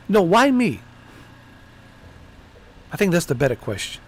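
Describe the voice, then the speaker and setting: A man's voice: sits high, sing-song, measured pace, slightly rough. A man live-streaming a game, casually and playfully talking back to the characters. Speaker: gaming streamer.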